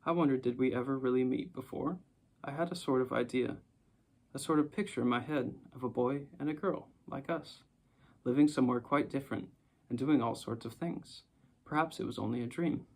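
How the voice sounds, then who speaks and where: A man voicing a dreamy, contented young girl in an audiobook, speaking softly and unhurriedly. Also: mid-range voice, a little fast, lightly acted. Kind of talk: audiobook character reading.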